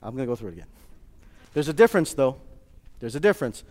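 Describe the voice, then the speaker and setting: A man giving a lively motivational talk to a live audience, joking and quizzing the crowd. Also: medium pitch, fast, long pauses. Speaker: speaker addressing a live audience. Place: large hall with an audience. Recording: long hall reverb.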